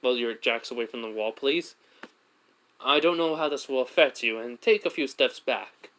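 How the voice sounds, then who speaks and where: A man's voice: mid-range voice, moderate pace, a bit bright, lightly acted. A man voicing a cheerful, playful young male student who talks chattily in a raised voice. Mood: polite.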